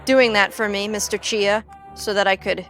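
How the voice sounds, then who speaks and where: A woman's voice: medium pitch, steady tone, normal speed, a bit bright, faint music behind. A young woman chatting casually on a gaming livestream, rambling and joking with frequent swearing. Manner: rambling, jokey, swears freely. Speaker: streamer.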